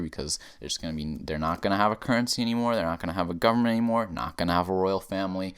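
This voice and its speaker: A man's voice: low-pitched, rapid-fire, hardly any pauses, clear, resonant tone. An American man hosting a comedy show, delivering a profane, sarcastic satirical rant. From United States. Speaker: comedy podcast host.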